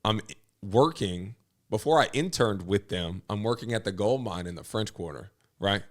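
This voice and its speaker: A man, a TV personality talking high-energy and slangy as an interview guest. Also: lively intonation, moderate pace. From New Orleans. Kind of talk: casual interview chat.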